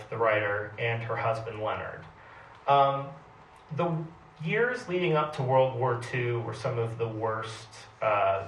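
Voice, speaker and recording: A young adult man, an author giving a relaxed, chatty talk in a bookstore. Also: mid-range voice, slight background noise. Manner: relaxed storytelling, chatty fillers. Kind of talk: casual public talk. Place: bookstore event space. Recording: distant, roomy live recording with faint ambience.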